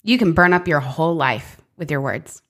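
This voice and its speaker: A woman with a low voice talks through matters of faith in an earnest, reflective way. She weaves scripture into a relaxed conversation. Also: moderate pace. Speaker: podcast co-host.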